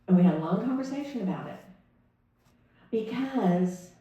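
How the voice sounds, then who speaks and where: Mellow-voiced woman minister, echoey hall. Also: medium pitch, animated, moderate pace, pauses often. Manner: conversational storytelling with quoted dialogue. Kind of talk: sermon talk. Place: church sanctuary. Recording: echoey room from a distance.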